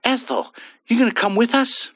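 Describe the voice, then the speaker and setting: A man's voice: very high voice, big pitch swings, moderate pace, a bit bright, no room sound, pitched above the performer's own voice, heavily acted. A man voicing a sly, pushy young male punk who talks in a slick, taunting way. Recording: dull dry lo-fi voice.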